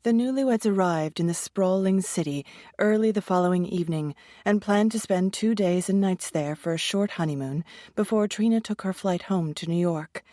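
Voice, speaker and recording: A woman reading a thriller audiobook in an even, measured storytelling voice. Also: mid-range voice, dry recording, clean studio sound. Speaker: audiobook narrator. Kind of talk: scripted narration.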